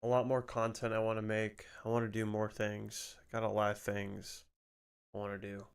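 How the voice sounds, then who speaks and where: A young adult man streaming live, chatting casually about work and then reacting loudly while gaming, with frequent swearing. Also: on the low side, monotone, moderate pace, gravelly, clear, resonant tone.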